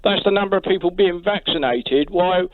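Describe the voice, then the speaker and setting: A man's voice: high voice, moderate pace, dry recording. A man calling in to a radio show, speaking bluntly and indignantly. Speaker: caller. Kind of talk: talk radio call. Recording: phone line.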